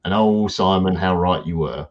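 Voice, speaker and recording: A man's voice: low voice, moderate pace, highs cut off. A man, co-hosting a casual football podcast in a blunt, chatty way. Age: 30s. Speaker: podcast co-host.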